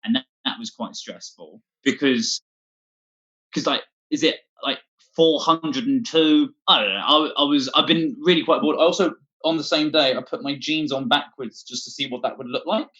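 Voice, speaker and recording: A man's voice: mid-range voice, moderate pace, fairly bright tone, highs cut off. A man doing a scattered, self-deprecating stand-up set from home, swearing a lot as he talks. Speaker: stand-up comedian. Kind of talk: rambling online stand-up set.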